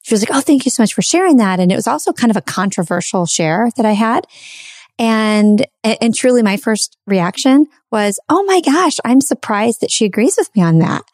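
A woman's voice: mid-range voice, lively intonation, fairly quick, darkish tone, dry recording, clean studio sound. A woman podcast host in casual conversation, telling a heartfelt personal story in a chatty way, full of fillers.

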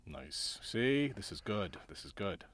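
A man's voice: fairly low pitch, very animated, a little slow, a bit bright, no room sound. A man from Pennsylvania co-hosting a casual podcast, wryly rating his partner's jokes. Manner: wry, rates jokes dryly. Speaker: podcast co-host. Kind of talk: casual chat.

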